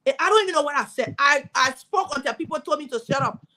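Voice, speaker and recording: A middle-aged woman from Liberia speaking, a guest in an interview telling her story as a former senator with lively, preaching energy. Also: high voice, fast, poor audio. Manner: animated, preaching storytelling with acted quotes.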